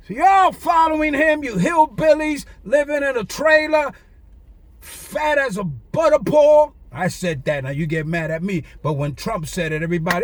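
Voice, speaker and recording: A man preaching an angry, taunting rant in a fiery preacher's cadence, often shouting. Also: extremely high pitch, lively intonation, moderate pace, dry recording. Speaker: online preacher.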